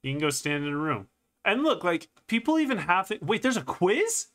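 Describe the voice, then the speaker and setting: A man's voice: very animated, moderate pace, a bit bright. Playful young man with squealing exclamations. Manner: playful and jokey, jumps into high squealing exclamations. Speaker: streamer and video host. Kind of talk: joking comedic commentary.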